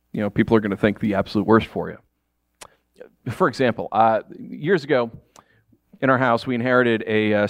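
A man in his thirties from upstate New York preaching a sermon, telling personal stories with lively, acted-out reactions. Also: medium pitch, dry recording. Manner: animated storytelling, acts out shouted reactions. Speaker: pastor.

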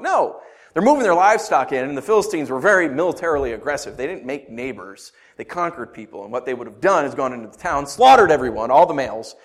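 A middle-aged pastor with a slightly high voice gives a sermon, first reading scripture and then explaining it informally with jokes and side comments.

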